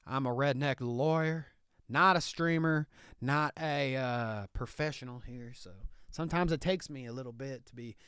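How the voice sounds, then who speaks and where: A man's voice: mid-range voice, moderate pace, fairly bright tone, smooth, dry recording, studio quality, close to an everyday voice. A man playing a boastful, folksy redneck lawyer in a comic monologue, with a put-on Southern drawl that slips in and out. He keeps tagging his sentences with "okay?".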